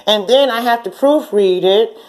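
A woman in her forties with a fairly high voice tells a long story as host of her own channel. She talks bluntly and curses freely. She breaks into laughter and acts out the lines of the people in her story. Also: normal speed, a little mellow. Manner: blunt and profane, laughs often, acts out quotes. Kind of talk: casual storytelling rant.

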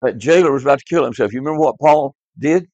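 A man's voice: mid-range voice, fast, a little mellow, no echo. Guy teacher doing a bible bit for his class, keeps repeating stuff and asking questions, muffled lo-fi sound. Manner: emphatic, repeats key words, quizzes the class. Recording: dull lo-fi, dry.

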